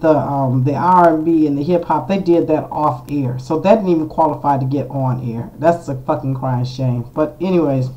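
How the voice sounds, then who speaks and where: A blunt, chatty vlogger talks straight to the camera in a loose, unscripted way. The voice is mellow and dark in color, sitting at a middling pitch. The delivery wanders through fillers and frank asides. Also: moderate pace, few pauses, lo-fi sound. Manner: blunt and outspoken, with the odd curse. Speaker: vlogger doing astrology readings. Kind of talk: casual opinionated commentary to camera.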